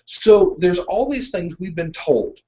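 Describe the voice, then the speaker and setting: A man co-hosting a casual discussion podcast, talking in a rambling, animated way with frequent ums. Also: sits high, takes it slowly. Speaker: podcast co-host. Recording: dull lo-fi sound.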